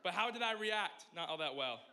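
A young man preaching a sermon as pastor, joking and animated, swinging from loud exclamations to quiet asides. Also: high-pitched, fairly quick, slight background noise.

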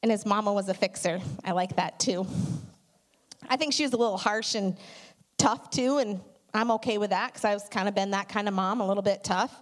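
A middle-aged woman giving a conversational sermon, telling animated stories with many asides. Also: mid-range voice, brisk. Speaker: church speaker.

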